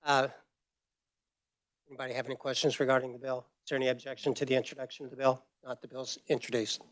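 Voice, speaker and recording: A man chairing a legislative committee hearing in a brisk, procedural way, speaking into a table microphone in a committee room. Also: medium pitch, flat delivery.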